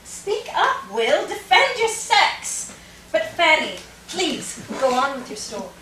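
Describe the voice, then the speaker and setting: A woman's voice: high-pitched, very animated, slow pace, full character voice. An actress at a table read, playing a witty woman who makes dry remarks from her bed. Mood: wry. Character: sharp-witted woman resting in bed. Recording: echoey room, mic far off, noise.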